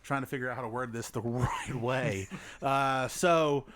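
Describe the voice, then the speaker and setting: A man's voice: mid-range voice, a little slow, fairly bright tone. A young man hosting a podcast, telling a rambling, profane story in casual chat, often laughing as he goes. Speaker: podcast host.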